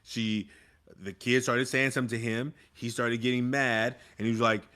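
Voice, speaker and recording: A man's voice: mid-range voice, steady tone, moderate pace, sharp tone. A man who mentors young people and was once a vice principal, telling a story in an earnest, vivid way during a conversation. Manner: earnest storyteller, acts out scenes.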